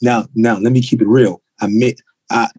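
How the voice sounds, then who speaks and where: A man, a martial arts school owner, talking bluntly and telling animated stories with street slang on a podcast. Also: medium pitch, moderate pace, breathy edge, no room sound. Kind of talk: casual podcast conversation. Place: podcast recording.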